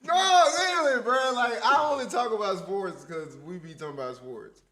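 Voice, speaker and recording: A man with a Memphis accent, co-hosting a live reaction stream, talking loud and profane in heated casual banter. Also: high voice, normal speed, echoey room. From Memphis, USA. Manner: loud, big-mouthed, profane, argumentative.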